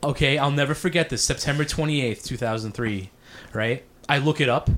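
A man's voice: mid-range voice, fairly quick, a bit bright. A man telling a rambling, profanity-heavy story in casual podcast chat, apologizing for ranting.

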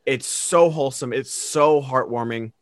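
A man co-hosting a podcast gushes enthusiastically in casual movie chat over a remote call, acting out quoted lines. His mid-range voice moves at a measured pace. The recording is dry and studio quality.

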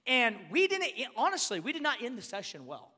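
Brief: male pastor, high and bright, emphatic storyteller, repeats himself, big reverberant hall. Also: fairly quick. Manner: animated and emphatic, repeats words, rises to shouts. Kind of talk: storytelling sermon.

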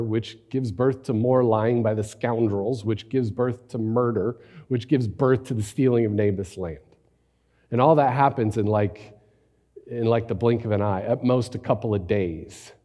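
A man preaching a sermon, telling the story conversationally with animated rhetorical asides. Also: medium pitch, in a large hall. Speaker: pastor.

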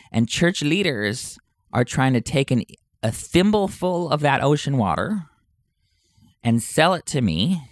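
A man giving an earnest, emphatic spoken Bible commentary, slowing down to repeat his key phrases. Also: fairly low pitch, no room sound. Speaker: Bible teacher.

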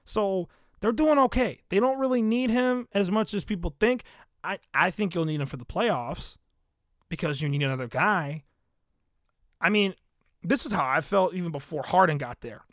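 A man's voice: sits high, moderate pace, fairly bright tone, no room sound, studio quality. A man hosting a podcast, talking in a casual, profane, ranting way about basketball. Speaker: podcast host. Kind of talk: casual sports chat.

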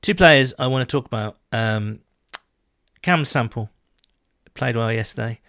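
A man's voice: medium pitch, unhurried, fairly bright tone, no echo. A man co-hosting a sports podcast, talking through the game with a chatty enthusiasm and the odd self-deprecating aside. His mid-range voice sits close and dry, with no room sound around it. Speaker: podcast co-host. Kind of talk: casual sports chat.

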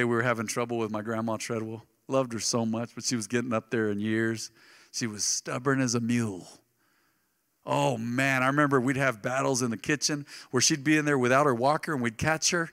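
A middle-aged man preaching a sermon to his congregation, telling stories animatedly and moving between loud bursts and soft, quiet asides. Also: mid-range voice. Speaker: pastor. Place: church sanctuary. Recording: live church sound with long reverb.

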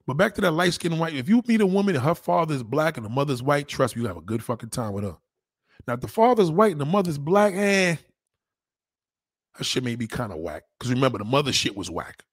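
A man in a blunt, crude, rambling monologue, talking fast and casually. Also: medium pitch, big pitch swings, slightly rough, no room sound, studio quality.

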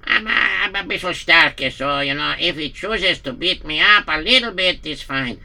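Man as a high-ish, gravelly Yiddish-accented innkeeper, anxious and stammering, amateur radio play. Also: normal speed, bright, forceful tone, exaggerated voice. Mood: fretful. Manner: anxious, frets aloud with many stammered fillers. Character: worried male village innkeeper, nervous and fretful.

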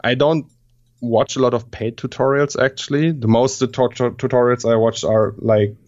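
Brief: German-accented male guest who is a native German speaker, mid-pitched, halting and full of restarts, lo-fi sound. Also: fairly even intonation, a little mellow. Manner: halting, lots of fillers and restarts, casual swearing. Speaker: guest CGI artist. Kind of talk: casual interview chat.

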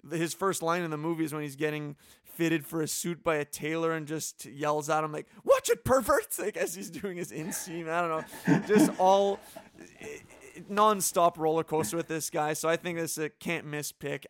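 A man's voice: fairly high pitch, steady tone, normal speed, gravelly, smooth, no room sound, clean studio sound. A man casually chatting on a podcast, talkative and enthusiastic, full of "like" fillers. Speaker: podcast co-host drafting movie characters.

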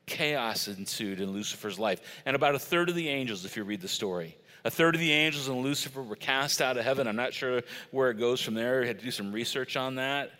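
Male pastor, middle-aged, sermon, bright tone, long hall reverb. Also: medium pitch. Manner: storytelling, conversational with emphatic stresses.

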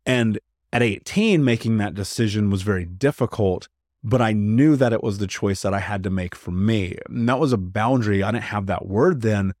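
A man with a fairly low voice gives a candid interview as a podcast guest. He talks loosely and frankly, leans on "like," and repeats words to drive his point home. The sound is close and dry. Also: moderate pace, darkish tone, dry recording. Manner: frank, conversational, peppered with "like"; emphatic repetition. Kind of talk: candid personal storytelling interview.

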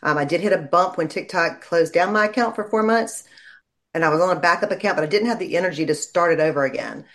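A woman, a lawyer chatting in an interview and telling stories in a lively way. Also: fairly low pitch, fast talker. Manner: chatty storyteller, animated when quoting people. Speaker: lawyer and legal commentator. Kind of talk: casual interview chat.

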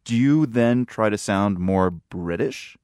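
A man's voice: fairly low pitch, animated, slow pace, a little mellow, clear, resonant tone, dry recording, studio quality. A man hosting a radio show, asking conversational questions of his reporter. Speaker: radio host. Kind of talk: studio interview.

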